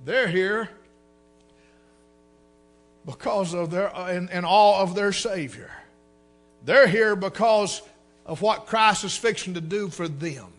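A man delivers a fervent sermon, climbing into shouts. His voice sits very high and has a sharp, bright edge. Faint instrumental music plays softly behind him. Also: animated, slow, long pauses. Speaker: preacher.

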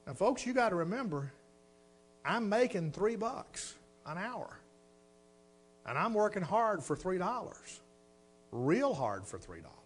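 A man's voice: sits high, very animated, unhurried, pauses often, slightly rough. A middle-aged man preaching a sermon, telling a folksy personal story and addressing the congregation as folks.

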